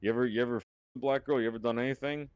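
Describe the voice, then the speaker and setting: A man's voice: medium pitch, fairly even intonation, rapid-fire, smooth, no echo. A man from Florida hosting a heated live-stream call, drinking as he talks, rambling and combative and repeating himself. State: drinking while talking.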